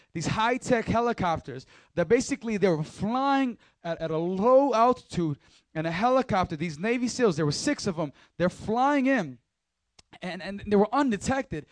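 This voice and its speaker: A man's voice: high voice, no room sound. A man speaking as a youth pastor, giving a casual, slangy sermon and talking straight to the crowd.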